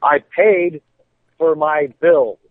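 A man co-hosting a talk radio show, speaking in a calm, measured, agreeing way. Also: on the high side, no echo. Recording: tinny phone-line sound.

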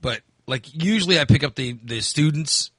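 A man's voice: fairly high pitch, lively intonation, moderate pace, a bit bright, dry recording, studio quality. A man casually telling a long story in a chat, acting out the voices of people he met and swearing freely.

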